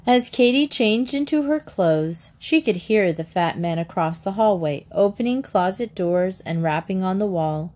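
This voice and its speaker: A woman reading a children's book aloud in a gentle, expressive narration. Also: medium pitch, a little slow, few pauses. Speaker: audiobook narrator.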